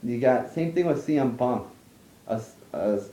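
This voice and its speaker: A man's voice: mid-range voice, expressive, moderate pace, warm tone. A young man giving a blunt, profane, rambling rant about wrestling, full of fillers. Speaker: wrestling commentator ranting online. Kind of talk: casual rant. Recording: echoey room.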